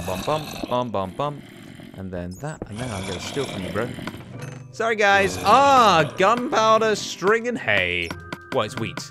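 An excitable man narrates his own gameplay in a casual let's play, chattering to himself and the monsters on screen. His voice sits a little high and swings widely in pitch. Game music plays clearly underneath. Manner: excitable, talks to himself and the mobs. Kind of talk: casual gaming commentary.

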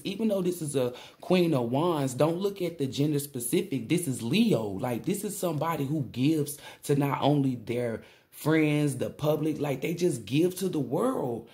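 A woman giving a tarot reading in a casual monologue, excitable and profane, exclaiming as she goes and sounding shaky with excitement. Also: rumbling low. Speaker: tarot reader.

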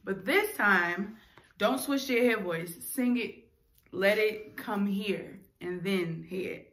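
A woman's voice: mid-range voice, takes it slowly, a bit bright. A young adult woman, a singer and vlogger, telling a candid, emotional personal story straight to her viewers.

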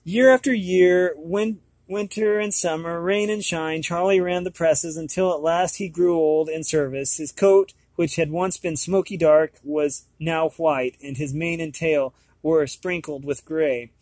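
A man reading a storybook aloud at a steady pace. His voice is a little higher than most men's and sounds close and dry. He often trips over words and goes back to fix them. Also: unhurried, few pauses, dry recording. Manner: stumbling, often correcting himself mid-sentence. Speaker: storybook reader.

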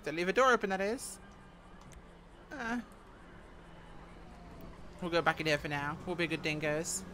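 A woman's voice: on the low side, animated, unhurried, a bit bright, a little hiss or hum. A woman streamer giving giggly, chatty commentary on her own roleplay gameplay. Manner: giggly, chatty asides to viewers.

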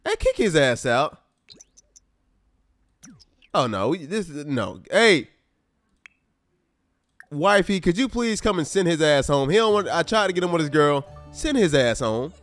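Soft background music plays under a man with a slightly high voice who speaks unhurriedly and pauses often, with no room sound. A gaming YouTuber, he comments casually on a life-simulation game in a let's-play, animated and exasperated, talking right to his viewers as "y'all."

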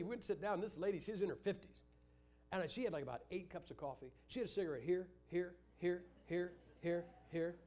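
A man's voice: high-pitched, a little mellow. An older man preaching in a church, teaching Sunday school with joking stories. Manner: joking, anecdotal storytelling.

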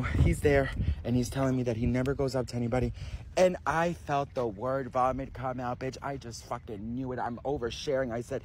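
A man's voice: medium pitch, a little mellow, slight background noise. Sassy man vlogging celeb gossip, dramatic, swears a lot, calls everyone best friend, total oversharer. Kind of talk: animated celebrity gossip chat.

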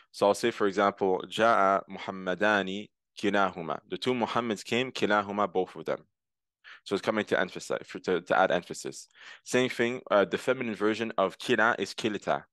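A man with a lowish voice explains grammar step by step, slipping in words and translating each one. He repeats key terms patiently as he teaches. The recording is close and dry, with no room sound. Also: fairly bright tone, no echo.

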